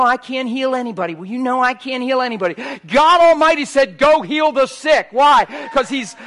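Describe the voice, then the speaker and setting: Preacher guy, high voice, gets loud and fired up, then drops real quiet. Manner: animated, rising to near shouts. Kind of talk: sermon.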